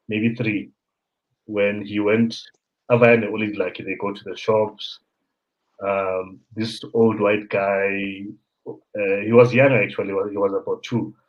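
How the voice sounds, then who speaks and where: A South African man, a host in his thirties, telling stories animatedly in casual conversation. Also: lowish voice. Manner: animated storyteller, mixes in local words. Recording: muffled lo-fi sound.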